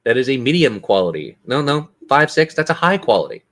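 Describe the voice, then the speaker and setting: A man's voice: medium pitch, very animated, brisk, a bit bright. A man narrating a tabletop game as game master, with dramatic, descriptive narration at an uneven pace.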